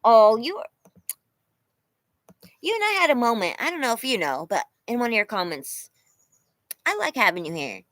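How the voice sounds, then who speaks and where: Chatty Californian woman with a lively voice. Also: on the high side, fairly quick, no echo, poor audio. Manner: chatty and animated, laughs often, thanks viewers by name. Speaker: livestream host. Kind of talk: casual livestream chat. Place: home.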